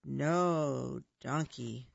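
Radio reading host, woman, slow clear expressive storyteller, close dry studio sound. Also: extremely low pitch, no room sound. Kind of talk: reading a children's picture book aloud. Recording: dull dry studio recording.

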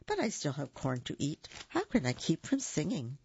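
A reader voicing a brave, cheerful rooster in a storybook read-aloud, speaking with plain, steady defiance. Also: mid-range voice, normal speed, creaky, slightly rough, full character voice. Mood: cheerful resolve. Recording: dull lo-fi recording.

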